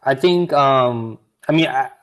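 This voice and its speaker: A man's voice: mid-range voice, slow pace, a bit bright. A man co-hosting a casual sports podcast, arguing his side with many restarts and easy laughs. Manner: hesitant, many restarts and fillers, laughs easily. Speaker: podcast co-host.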